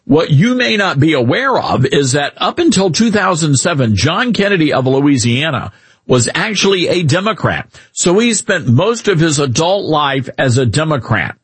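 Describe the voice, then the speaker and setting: A man's voice: on the high side, very animated, moderate pace, breathy edge, no room sound. A man with a Southern US accent hosting a talk radio show, ranting sarcastically in an opinionated monologue.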